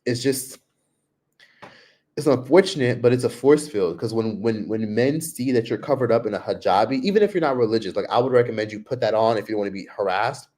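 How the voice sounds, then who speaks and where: A man's voice: fairly quick, a little mellow. Man livestreaming from his laptop, casual and rambling. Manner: chatty, frequent "like", mimics others in high voices. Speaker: livestream vlogger.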